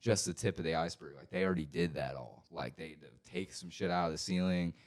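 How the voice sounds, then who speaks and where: Young male podcast co-host, deep voice, rambling profane storyteller, gets loud when excited. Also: fast. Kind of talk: casual storytelling chat.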